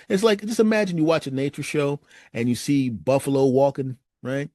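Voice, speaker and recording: A man's voice: mid-range voice, moderate pace, warm tone, dry recording. A man doing stand-up, telling stories in a conversational way and talking straight to the audience. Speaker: stand-up comedian. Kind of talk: stand-up storytelling.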